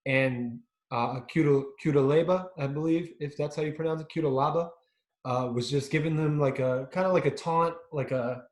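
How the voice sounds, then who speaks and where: Here the co-host's voice sits on the high side, steady and at normal speed, with hardly any pauses. He's in a casual sports podcast chat, leaning on tag questions like "right?" and hesitating over his words, all in an echoey room.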